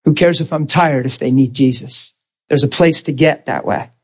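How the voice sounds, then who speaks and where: A man preaching a sermon, telling a personal story with lively, acted-out dialogue and easy self-deprecating humor. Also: fairly high pitch, normal speed, husky. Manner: animated storytelling, acting out dialogue and laughing at himself.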